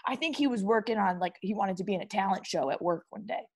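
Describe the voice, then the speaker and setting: A woman's voice: mid-range voice, quick pace, close to an everyday voice. A woman playing a brash, slangy teenage boy who breakdances and pranks, in an improv comedy interview. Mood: boastful. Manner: slangy, boastful, calls people bro.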